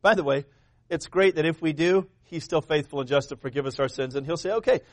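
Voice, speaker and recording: A man's voice: on the high side, a little fast, dry recording. A male pastor preaching a sermon in a folksy way, asking the congregation questions as his intensity rises and falls.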